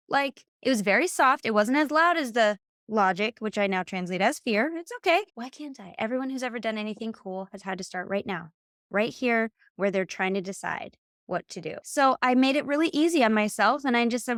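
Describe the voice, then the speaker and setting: Animated woman telling a story. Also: fairly high pitch, a little fast, no room sound, clean studio sound. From Michigan. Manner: animated, acts out quoted dialogue. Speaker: podcast guest, hypnotherapist. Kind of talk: casual storytelling.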